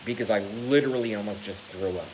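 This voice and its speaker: A man vlogging to his channel in a casual rant, animated and theatrical, swearing freely. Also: fairly low pitch, fast, slight background noise, rough recording. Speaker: YouTube vlogger.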